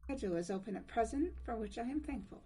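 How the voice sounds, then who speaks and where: A woman's voice: a little high, lively intonation, fast, mellow, lightly acted, rough recording. A woman voicing a stiff, formal character with clipped speech.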